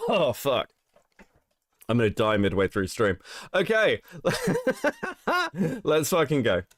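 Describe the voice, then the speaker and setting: Sick and hoarse from a cold, this streamer reads his chat aloud on a laid-back livestream, cursing and laughing often. His pitch swoops wildly, he talks slowly with long pauses, and the recording is dry and close to the mic.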